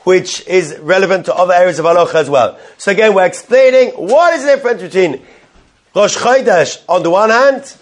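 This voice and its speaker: Guy a high voice teaching halacha to a class, translating the hebrew as he goes, lots of questions to the room. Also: expressive, brisk. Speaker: Torah teacher. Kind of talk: Talmudic-style halacha class.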